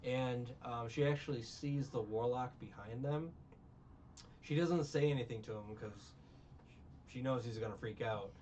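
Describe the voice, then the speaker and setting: A man's voice: mid-range voice, a little slow, a little mellow, distant mic, highs cut off, a little hiss or hum. A man recapping a film in casual chat, rambling and sarcastic, with many restarts. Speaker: podcast co-host recapping a film.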